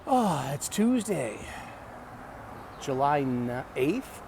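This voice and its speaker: A vlogger rambles casually outdoors at a bus stop, his fairly high voice very animated, creaky and a little mellow. He speaks haltingly, restarting words and throwing in jokey asides, as passing traffic and busy street noise crowd the mic.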